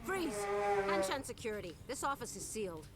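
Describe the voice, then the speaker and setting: An actress voicing a cocky, brash security guard in a video game. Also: female voice, medium pitch, very animated, fairly quick, close to an everyday voice. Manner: brash and bargaining. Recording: faint distant game audio with noise.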